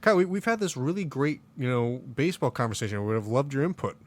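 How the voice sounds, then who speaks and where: A man's voice: medium pitch, big pitch swings, quick pace. A man hosting a casual sports podcast, opinionated and rambling, full of fillers and restarts. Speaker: podcast host. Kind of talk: casual chat.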